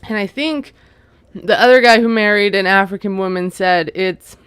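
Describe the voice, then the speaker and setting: A woman talks through a reality show recap in a relaxed, chatty way, sprinkling in "like" and "you know". Her voice is smooth and clear at a mid pitch, recorded close and dry with no room sound. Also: normal speed, no echo. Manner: chatty, retelling scenes with lots of "like" and "you know"; amused, laughing at what she retells. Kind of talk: casual recap commentary.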